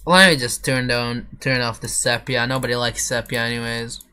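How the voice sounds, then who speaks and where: Guy streaming and chatting away while he builds stuff, kinda rambly, bright sharp voice. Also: mid-range voice, steady tone, moderate pace, a little hiss or hum. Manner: rambling, answering chat, mangling French phrases. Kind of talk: casual live-stream chat while building a game level.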